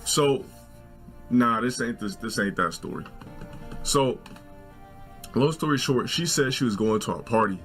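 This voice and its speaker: A man in his forties telling a long personal story in a casual, profane, animated way, with faint music. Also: measured pace, pauses often. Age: 40s. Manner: animated, profane, jumps into shrill quoted voices. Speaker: storyteller in a video.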